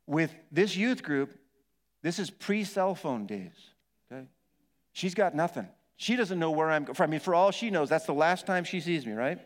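Animated pastor telling a story in a hall. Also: male voice, a little high, moderate pace. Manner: animated storytelling, acts out yelling and moaning. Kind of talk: storytelling sermon.

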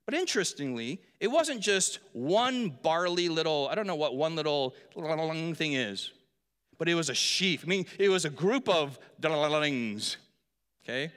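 A man's voice: a little high, lively intonation, unhurried, fairly bright tone, clean tone. A man preaching a sermon in a church hall, joking with the congregation and quizzing them. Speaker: pastor. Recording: long reverb of a large hall.

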